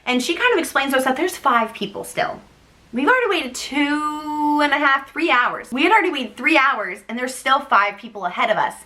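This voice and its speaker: Bright, chatty young woman vlogger. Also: high voice, brisk. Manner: chatty, animated, acts out quoted voices. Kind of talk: casual storytelling to camera.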